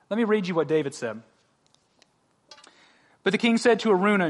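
A man's voice: high-pitched, lively intonation, a little fast, long pauses. A man pastor preaching a sermon in a conversational way, joking and asking the congregation direct questions.

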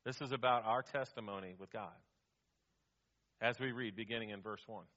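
A man's voice: fairly low pitch, normal speed, pauses often, sharp tone, muffled recording. A pastor preaching a sermon, reading scripture aloud and repeating his key points for the congregation. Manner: reads scripture in a raised voice, preaches with repeated punchlines.

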